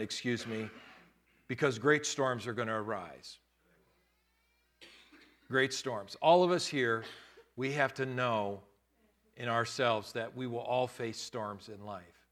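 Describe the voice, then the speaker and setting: A man preaching a sermon as pastor, switching between loud, rising preaching and quieter teaching, and laughing often. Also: medium pitch, normal speed.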